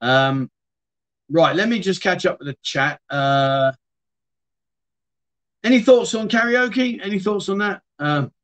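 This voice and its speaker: A man's voice: high-pitched, slow, long pauses, a bit bright. A middle-aged man hosting a casual livestream, rambling and chatting as he answers viewers' comments. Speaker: livestream host. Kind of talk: casual live-stream chat.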